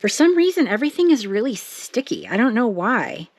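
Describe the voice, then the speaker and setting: A woman talking casually to her viewers as she works on a craft project, chatty and thinking out loud, with excited bursts. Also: a little high, brisk, no room sound. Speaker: craft vlogger.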